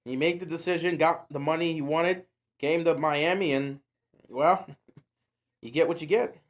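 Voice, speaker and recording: Man, livestream host, game watch-along commentary, exasperated slangy ranting, high pitch. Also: fairly even intonation, unhurried.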